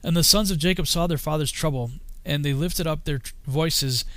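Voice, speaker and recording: A man reading an old scripture text aloud in a solemn, measured way, sometimes slipping and correcting himself. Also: on the high side, no room sound. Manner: solemn, archaic phrasing with occasional slips and self-corrections. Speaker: reader.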